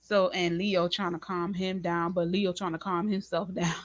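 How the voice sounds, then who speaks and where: A woman hosting a casual recap of a drama episode, speaking to viewers in an informal, expressive way and acting out her own reactions. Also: on the low side, normal speed, no room sound. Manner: animated, talks to viewers as "y'all" and "baby"; acts out her own reactions in quoted asides. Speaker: reaction channel host.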